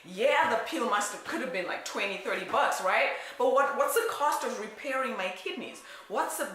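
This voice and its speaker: A woman telling a personal story in a lively way, acting out quoted remarks and often checking in with "right?". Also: on the high side, moderate pace, a little hiss or hum. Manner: animated, acts out quotes, frequent "right?" asides. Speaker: weight-loss coach. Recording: very echoey room.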